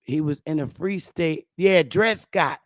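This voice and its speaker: A woman's voice: deep voice, measured pace, no echo, clean studio sound. A woman talking straight to the camera in a casual monologue, blunt, heavy on profanity and emphatic. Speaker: online commentator.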